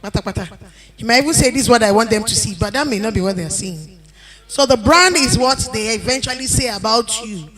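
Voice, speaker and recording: A woman's voice: a little high, fairly quick. A woman speaking on a conference panel, giving earnest advice and repeating her key points. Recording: event hall with crowd noise.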